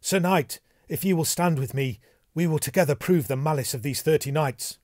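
A man's voice: on the high side, moderate pace, a little mellow, no echo, clean studio sound, pitched above the performer's own voice, lightly acted. A man voicing a bold, righteous male knight, declaiming in raised, formal old-fashioned speech. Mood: stern.

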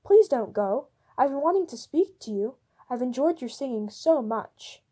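A woman's voice: high voice, lively intonation, normal speed, mellow, husky. A woman reading the lines of an earnest young woman healer, voicing her pleading and eager.

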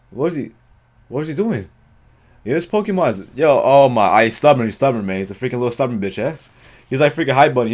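A man hosting a live reaction video, giving excitable, slangy commentary full of exclamations and swearing. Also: medium pitch.

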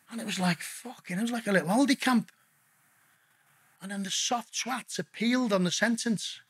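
A man's voice: sits high, brisk, slightly rough. A man telling his own stories as a podcast guest, swearing constantly and calling the host mate. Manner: lively anecdotal storyteller, addresses the host as mate. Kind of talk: casual podcast interview storytelling.

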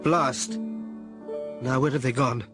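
A man reading the part of a clumsy, tender young man in a storybook romance, speaking softly and apologetically. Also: medium pitch, steady tone, takes it slowly, music in the background, lightly acted. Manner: soft, apologetic.

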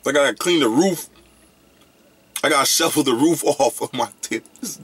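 A young man casually reviewing snacks in a vlog, excitable and slangy, breaking into loud whoops. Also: medium pitch, moderate pace, breathy edge.

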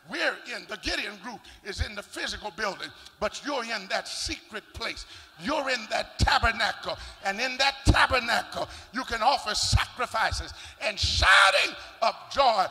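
An older man, a bishop, preaching a sermon with shouting, rhythmic sing-song delivery and call-and-response. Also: very high-pitched, animated, normal speed. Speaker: bishop and pastor. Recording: long church reverb.

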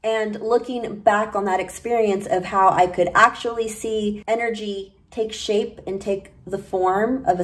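Slow, earnest woman vlogger. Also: medium pitch, darkish tone, rough recording. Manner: earnest, confiding, quotes dialogue with "I was like". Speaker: spiritual vlogger. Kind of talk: personal storytelling to camera.

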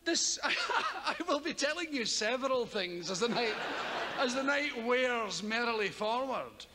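A man's voice: very high voice, unhurried, noisy background. A Scottish man performing live stand-up comedy on a theater stage, telling rambling, profane stories into a stage microphone. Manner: rambling, profane, animated storytelling. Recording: reverberant live hall with loud audience.

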